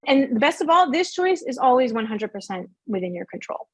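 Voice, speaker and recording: A woman's voice: sits high, big pitch swings, a little fast, slightly rough, dry recording. A middle-aged woman giving an earnest, emphatic motivational workshop talk and asking her audience questions. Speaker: workshop speaker.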